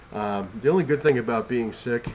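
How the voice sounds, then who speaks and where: Sitting on his home couch, a sick, out-of-breath comic collector vlogs in a mid-range, darkish voice at a brisk pace. There's slight background noise. He rambles casually, with many fillers and restarts.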